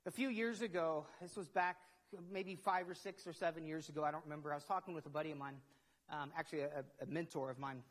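A man's voice: a little high, fairly even intonation, fast talker. A middle-aged man, preaching a conversational sermon as a pastor, asking himself questions and repeating words as he builds up. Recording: long hall reverb.

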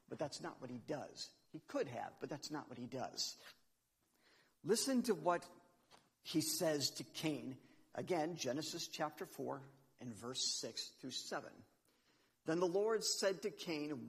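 Husky-voiced man preaching in a hall. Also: on the high side, animated, a little slow. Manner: earnest, explanatory, reads Scripture aloud. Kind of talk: sermon.

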